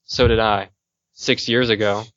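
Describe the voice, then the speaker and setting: A man's voice: lowish voice, level tone, measured pace, fairly bright tone. A man reads a listener's message aloud on a casual podcast, stumbling now and then. The sound is dry, with no room echo. The recording is dull and lo-fi. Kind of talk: reading a listener submission aloud.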